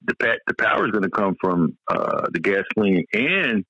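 A man chatting casually as a co-host, rambling and excitable with some swearing. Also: low-pitched, moderate pace, no echo, muffled recording. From American South. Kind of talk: casual chat.

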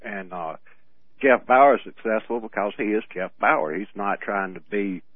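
A man co-hosting a radio show in casual chat, telling rambling stories with halting restarts and frequent laughs. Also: lowish voice, no echo. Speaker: radio co-host. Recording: tinny phone-like radio audio.

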